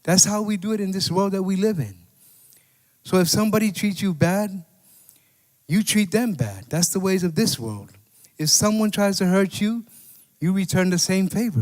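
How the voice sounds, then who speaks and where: A man's voice: high voice, darkish tone. Man preaching in a reverberant hall. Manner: conversational preaching with repeated "right?" and scripture quotes. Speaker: pastor. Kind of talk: sermon.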